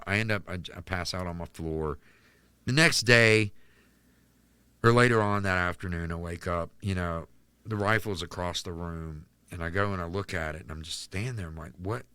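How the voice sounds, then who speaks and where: A man from North Carolina telling a candid personal story as a podcast guest, halting with restarts and fillers. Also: sits low, sharp tone, clean tone, dry recording. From North Carolina, United States.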